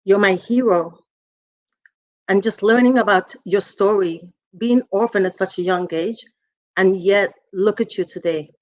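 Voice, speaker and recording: A woman in her forties speaks in a moderate voice, earnest and close to tears as she gives a tribute. Her words come warm and heartfelt. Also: mid-range voice, unhurried. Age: 40s. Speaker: author's daughter, speaker.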